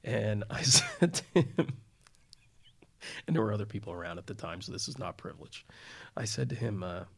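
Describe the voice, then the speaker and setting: A man's voice: lowish voice, very animated, normal speed, vocal fry, long pauses. A middle-aged man, a criminal defense attorney co-hosting a podcast, telling a courtroom anecdote in a wry, self-deprecating way. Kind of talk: casual storytelling chat.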